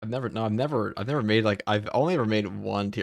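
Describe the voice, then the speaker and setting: Man, New York accent, gaming streamer, low gravelly voice, blunt jokey chat. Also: fast. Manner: blunt, joking, swears casually.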